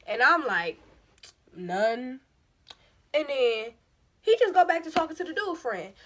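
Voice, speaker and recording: Young woman vlogger, slightly high and very bright voice, chatty, slangy storytelling that mocks herself. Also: normal speed. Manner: animated, slangy, self-mocking. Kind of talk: casual storytelling.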